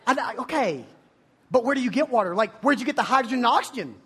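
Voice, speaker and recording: A man preaching to students in a lively, joking way, and he often slips into mocking voices to imitate his listeners. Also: very high voice, fast, breathy edge. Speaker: youth pastor. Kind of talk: energetic youth sermon. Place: room with a live audience of students.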